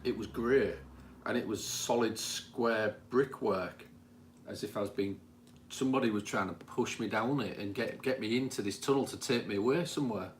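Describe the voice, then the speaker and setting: Plain-spoken British man, halting. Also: lowish voice. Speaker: experiment participant. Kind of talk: casual chat. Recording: faint background noise.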